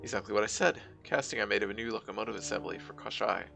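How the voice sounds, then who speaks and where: A man's voice: fairly low pitch, gravelly, sharp tone, faint music behind, heavily acted. A man reading as a courteous drone engineer. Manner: polite, measured, formal phrasing. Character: cultured male Russian drone engineer, calm, courteous.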